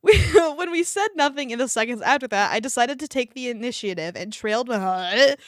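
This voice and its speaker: A woman's voice: fairly high pitch, lively intonation, moderate pace, no room sound, studio quality. A woman streamer reading fan fiction aloud on a live stream, often breaking off to laugh and react to her chat, with a desk microphone.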